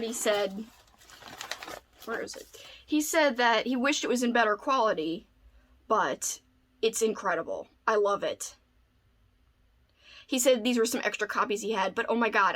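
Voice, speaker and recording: Gushing, excitable young woman vlogger. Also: a little high. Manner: gushing, squealing with delight, says "like" and "oh my god" often. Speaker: book vlogger. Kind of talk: excited unboxing chat.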